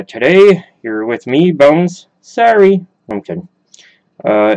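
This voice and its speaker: A man's voice: medium pitch, dull audio. A man hosting a let's play, commenting on the game in a casual, joking way and swearing now and then.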